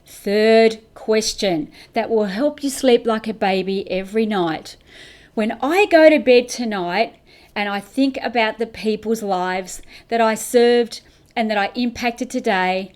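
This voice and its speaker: Facing the camera indoors, a middle-aged business coach hosts her motivational podcast and presses her points with emphatic rhetorical questions. She speaks a little slowly in a slightly high voice.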